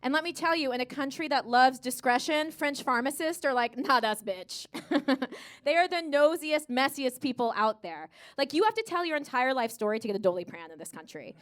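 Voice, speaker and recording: A woman's voice: sits high, expressive, brisk, a bit bright. An American woman doing live stand-up on stage, with a brash, profane, valley-girl delivery into a handheld mic. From United States. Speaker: stand-up comedian. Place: comedy stage before a live audience.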